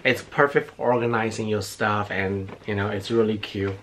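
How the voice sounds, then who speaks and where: A man's voice: on the low side, steady tone, normal speed, fairly bright tone, slight background noise. A middle-aged man, chatting effusively while unboxing gifts, a little out of breath. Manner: gushing, effusive, repeats himself. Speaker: beauty vlogger. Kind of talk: casual unboxing chat.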